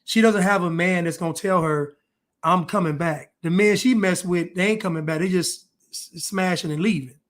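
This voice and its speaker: A man's voice: high-pitched, brisk. A man giving preachy reaction commentary, lecturing about men and women.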